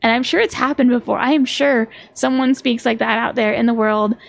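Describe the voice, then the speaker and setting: A woman's voice: a little high, fairly even intonation, brisk, vocal fry. A woman streaming a video game live, chatting casually with a giggly, playful manner.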